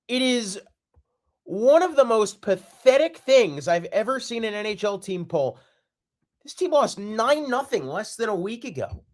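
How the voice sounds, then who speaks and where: Frustrated guy venting on his podcast, hammering the same points, voice jumping all over. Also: high-pitched. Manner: exasperated, repetitive, emphatic. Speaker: podcast host. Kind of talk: solo sports podcast rant.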